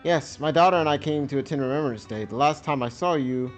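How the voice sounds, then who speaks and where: A man's voice: fairly high pitch, a little fast, faint music behind, close to an everyday voice. A man reading as a grieving widow, Sally. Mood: subdued. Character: soft-spoken grieving widow and mother.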